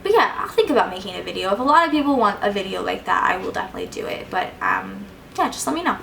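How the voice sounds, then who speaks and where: Young woman doing a q&a vlog, chatty, lots of "like", bit of vocal fry, faint hiss behind. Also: medium pitch, sing-song, fast talker, fairly bright tone, rough recording. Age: young adult. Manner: chatty, gushing, many "like"s and fillers. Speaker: vlogger answering viewer questions. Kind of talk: casual Q&A chat.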